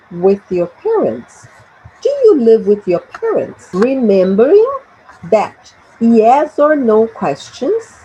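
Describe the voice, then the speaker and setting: A woman's voice: on the high side, a little mellow, highs cut off, slight background noise. A Brazilian woman with a Portuguese accent teaching an English grammar lesson, drilling short phrases for students to repeat.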